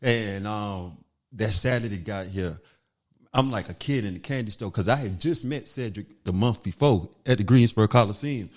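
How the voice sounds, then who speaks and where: With a fairly low pitch and normal speed, a male comedian guest from North Carolina relates a story in a loose, lively way, voicing what others said along the way.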